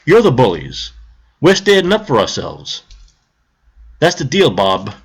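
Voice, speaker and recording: Animated sarcastic man ranting. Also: medium pitch, a little slow, slightly rough. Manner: sarcastic, mocking voices of others, swears. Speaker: live stream host. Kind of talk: political rant.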